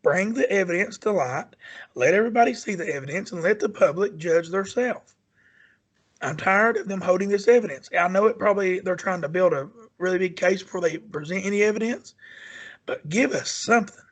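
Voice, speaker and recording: A man's voice: high voice, fairly quick. A man co-hosting a podcast, giving his political views in an emphatic, repetitive, insistent way. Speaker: podcast co-host. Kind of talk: casual political chat.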